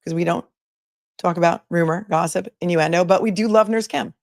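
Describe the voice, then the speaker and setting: Woman, attorney livestream host, casual commentary, sarcastic, lowish voice, dry close mic. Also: fairly quick, darkish tone, dry recording. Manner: chatty, sarcastic, reads viewer comments aloud.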